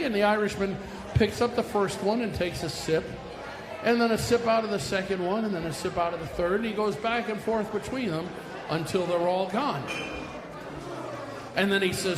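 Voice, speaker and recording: Folksy high-voiced emcee at a brewery show. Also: male voice, normal speed, noisy background. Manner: folksy, joking stage patter. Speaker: bandleader and emcee. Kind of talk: emceeing a live music night and telling jokes. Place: brewery stage, live venue. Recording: roomy live room with band music.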